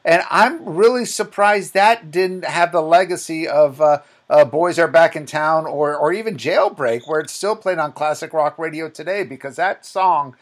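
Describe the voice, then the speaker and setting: A man's voice: fairly high pitch, moderate pace, hardly any pauses. A man hosting a podcast interview in a casual, enthusiastic way, talking like a fan. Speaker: podcast host.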